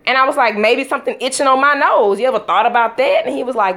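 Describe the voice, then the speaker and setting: A woman casually telling a storytime vlog at home, acting out quotes with sudden pitch jumps and breaking off to talk to her young children. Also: quick pace, hardly any pauses, a bit bright. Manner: talks to her toddlers between story bits. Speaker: vlogger.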